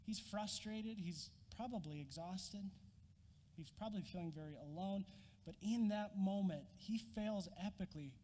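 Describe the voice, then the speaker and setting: A man preaching a sermon, an animated storyteller who acts out scenes with a prop. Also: sits high, moderate pace, big-room sound. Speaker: pastor.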